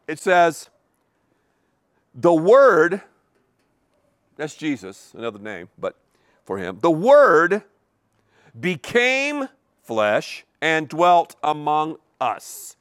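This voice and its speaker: Preaching slowly with long pauses, a man delivers an animated sermon in a high, dramatically rising and falling voice. He drives home single words repeatedly and questions the congregation rhetorically, sometimes tripping over his words when he speeds up, in a dry, close-miked recording.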